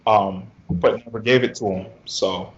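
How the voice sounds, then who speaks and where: Male co-host, very slow delivery, dry, muffled audio with faint noise. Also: fairly low pitch, steady tone. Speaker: podcast co-host. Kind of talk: casual banter.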